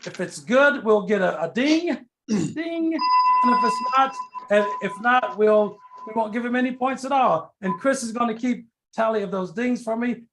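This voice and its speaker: Man, improv referee on video call, very high voice, lively pitch, unhurried. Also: background noise. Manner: laughs often at the jokes. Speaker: improv show referee host. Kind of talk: hosting an online improv game.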